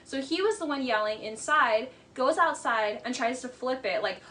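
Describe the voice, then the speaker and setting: A woman hosting a casual reaction commentary, blunt and scornful, talking in animated rants full of "like" fillers. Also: high-pitched, moderate pace. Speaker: commentary host.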